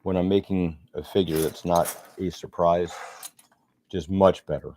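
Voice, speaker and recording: A man's voice: sits low, fairly even intonation, unhurried, mellow, a little hiss or hum. A middle-aged man chatting casually and rambling as he narrates his sculpting work. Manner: rambling, chatty, self-deprecating. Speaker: sculptor vlogger.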